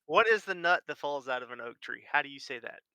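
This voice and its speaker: A man's voice: fairly high pitch, animated, fast talker, bright, forceful tone, smooth, dry recording. A man co-hosting a casual podcast, laughing and joshing with his friends. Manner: laughing, joshing, Southern talk. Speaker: podcast co-host. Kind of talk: casual chat.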